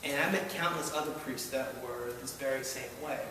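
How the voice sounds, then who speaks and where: A Baltimore man of mid-range voice and moderate pace recounts a wry, self-deprecating personal tale live, with the audience laughing along. The hall sounds echoey and noisy, captured from afar.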